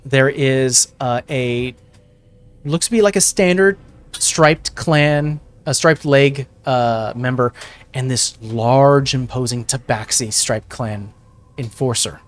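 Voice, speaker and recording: A man's voice: mid-range voice, slow pace. Man narrating a tabletop game scene. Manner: descriptive, with many fillers and self-corrections. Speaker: game master.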